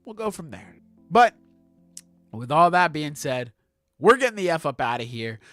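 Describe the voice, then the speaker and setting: Animated, swearing young podcast host. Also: male voice, on the high side, normal speed, dry recording, faint music behind. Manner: animated, swearing, laughing often. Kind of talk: casual chat.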